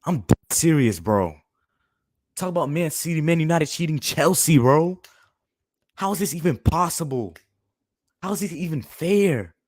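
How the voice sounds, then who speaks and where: A man's voice: fairly high pitch, animated, a little slow, pauses often, a little mellow, no room sound, studio quality. A young man hosting a fan stream, ranting angrily and repeating "bro" constantly. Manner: heated, repetitive, says "bro" constantly. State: fuming. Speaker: fan channel host. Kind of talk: angry live-stream rant.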